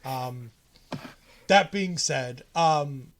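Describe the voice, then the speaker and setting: A man's voice: mid-range voice, drawn-out words. A man co-hosting a wrestling podcast, chatting casually and acting out quotes with lots of restarts. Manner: animated, acts out quotes, many restarts. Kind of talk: casual chat recapping a show.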